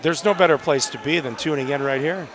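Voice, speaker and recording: A man giving joking color commentary at a high school basketball game, tossing out playful wisecracks and banter between calls. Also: fast talker, fairly bright tone. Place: school gymnasium. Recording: cheering gym crowd and noise behind.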